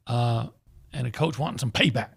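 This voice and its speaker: A man co-hosting a sports radio show, a former reporter speaking in a measured, considered way. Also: medium pitch, creaky, husky. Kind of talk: casual sports radio chat.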